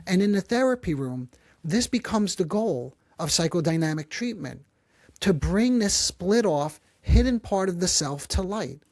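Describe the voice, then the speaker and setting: A man hosting a psychology podcast, who explains calmly and gently and slows down to stress key phrases. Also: sits high, no echo. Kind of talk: calm explanatory talk.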